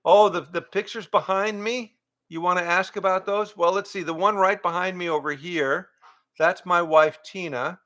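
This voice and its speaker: An older man, a voice actor and improv teacher, chatting casually with fans on a livestream from home, reading out their questions and answering in a relaxed, rambling way. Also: sits high, moderate pace. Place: home, in front of pictures on the wall. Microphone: livestream webcam setup.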